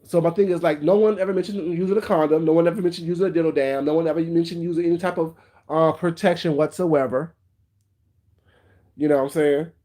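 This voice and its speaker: A man's voice: on the high side, steady tone, fast talker, warm tone. A man hosting a casual livestream, giving blunt, gossipy commentary and greeting viewers by name. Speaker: livestream host.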